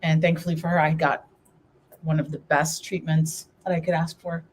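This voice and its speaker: A woman's voice: low-pitched, flat delivery, moderate pace, a little hiss or hum. A woman guest in a live interview, telling a personal story in an earnest, candid way and acting out past conversations. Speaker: guest, breast cancer survivor and coach.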